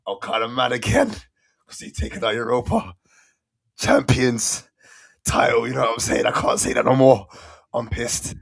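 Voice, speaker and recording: A man's voice: mid-range voice, expressive, moderate pace, creaky, dry recording. A man hosting a casual, slangy football fan chat and often laughing. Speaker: host.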